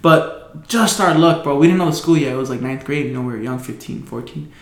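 A man's voice: mid-range voice, brisk, vocal fry. Young man telling a slangy story, echoey room. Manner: loose storytelling, heavy slang and swearing, many fillers. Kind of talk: casual chat.

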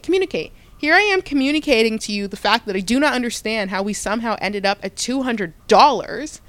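A young woman hosting a podcast, telling a personal story in a casual, animated way with frequent restarts and self-corrections. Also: on the high side, dry recording. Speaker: podcast host.

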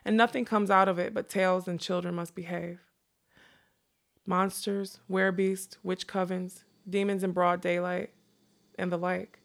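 A woman voicing a wry middle-aged male magician in a novel read aloud, speaking in a hushed, measured way. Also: fairly low pitch, level tone, gravelly.

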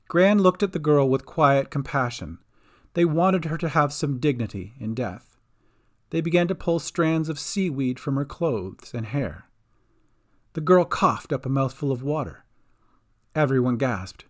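Expressive male storyteller. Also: mid-range voice, moderate pace. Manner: expressive, does all voices himself. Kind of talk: scripted narration of a fantasy audio story.

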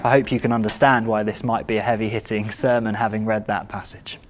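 A man's voice: lowish voice, level tone, fairly quick, a little hiss or hum. A man preaching a sermon in an earnest way, building to emphatic repeated calls. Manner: earnest, rising to emphatic repetition.

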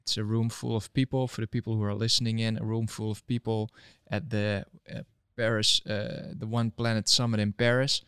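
A man's voice: lowish voice, level tone, brisk, few pauses, fairly bright tone, smooth, no echo, clean studio sound. A man co-hosting a casual livestream chat, blunt and dismissive, with many fillers.

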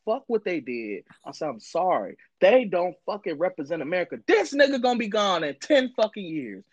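Animated, profane male podcast host. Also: high voice, brisk, no echo, dull audio. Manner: animated storytelling, heavy cursing, acts out quoted people. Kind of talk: casual profane chat.

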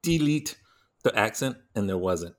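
A man's voice: lowish voice, expressive, a little slow. Emphatic ranting male podcast co-host. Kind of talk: casual movie review chat.

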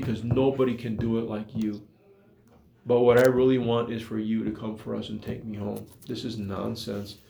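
A man's voice: mid-range voice, vocal fry, darkish tone, slight background noise. A man preaching a sermon in an earnest, repetitive way, full of rhetorical questions, recorded in an echoey room.

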